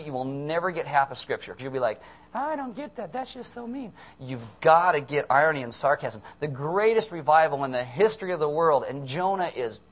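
A young man preaches with a sermon's rhythm, swinging from quiet asides to sarcastic, acted-out outbursts. His voice sits a little high for a man and moves all over the place as he talks. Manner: animated, sarcastic, acts out quoted voices. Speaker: pastor.

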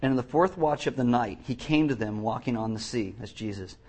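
A man preaching a sermon, animated, reading scripture aloud with emphasis and acting out the quotes. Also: mid-range voice, brisk.

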